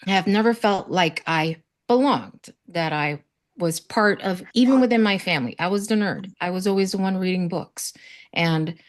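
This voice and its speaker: On a summit panel, a woman from South Florida talks at a moderate pace in a fairly low voice. The conversation is casual, and she tells earnest, faith-filled stories while acting out quoted voices.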